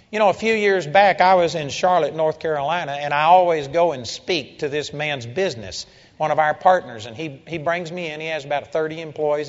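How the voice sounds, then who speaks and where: A man preaching a sermon to a congregation and telling a story, building to loud, emphatic peaks. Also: on the high side. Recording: dull, echoey hall recording.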